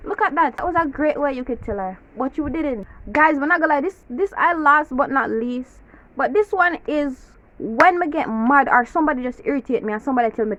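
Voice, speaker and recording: A young Jamaican woman with a high, bright-toned voice vents her pet peeves in thick patois, exasperated and lively. The audio is a little dull and lo-fi, with a faint hiss underneath. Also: a little fast. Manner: animated, exasperated, heavy patois. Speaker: vlogger. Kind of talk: casual ranting monologue.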